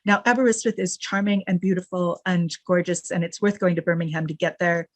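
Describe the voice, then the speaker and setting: A woman giving an academic lecture in a dry, close recording. She reads quoted passages with lively emphasis and drops wry asides between them. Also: fairly low pitch, fairly quick, dry recording. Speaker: guest lecturer.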